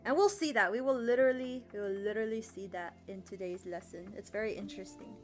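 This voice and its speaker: A woman's voice: mid-range voice, quick pace, darkish tone, faint music behind. A woman giving a casual history lesson on a livestream, chatty and rambling, full of fillers and laughs. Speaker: history streamer teaching a lesson.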